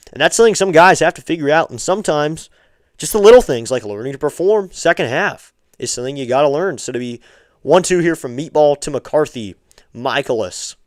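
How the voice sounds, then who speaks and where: A man calls amateur baseball play-by-play on a live stream, staying calm between pitches and raising his voice on each hit. He makes chatty asides to viewers, and the sound is clean studio quality with no room sound.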